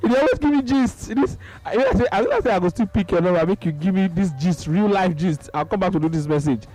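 A man's voice: high-pitched, big pitch swings, quick pace, a little mellow, low-quality recording. A man with a Nigerian accent hosting a radio call-in show, jovial, laughing often and slipping into Pidgin as he reads messages. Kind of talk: casual call-in radio chat. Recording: radio broadcast with faint music.

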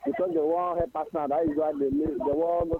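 A man with a Nigerian Pidgin accent calling in to a sports show, halting with many fillers. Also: fairly high pitch, steady tone. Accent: Nigerian Pidgin English. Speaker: caller. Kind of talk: phone-in sports chat. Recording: phone line.

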